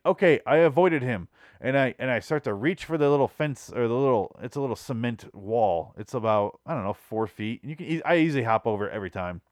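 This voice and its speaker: Man, podcast host, rambling comic storytelling, swears a lot, exasperated, mid-pitched voice, dry close recording. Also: no room sound. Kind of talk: casual comedic storytelling.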